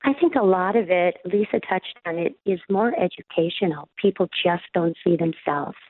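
Lower-voiced woman on a phone line. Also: normal speed. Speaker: guest, caregiving agency representative. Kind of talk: measured interview answers. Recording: dry tinny phone line.

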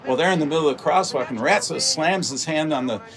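A man's voice: fairly high pitch, fast talker, fairly bright tone, faint music behind. A man, a guest in an interview, telling detailed behind-the-scenes stories about making a film, with frequent fillers. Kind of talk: interview storytelling.

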